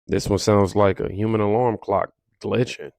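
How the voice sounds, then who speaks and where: A man's voice: on the low side, fairly even intonation, normal speed, vocal fry, very noisy. A man hosting a reaction commentary, with sarcastic remarks between clips. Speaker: commentary host.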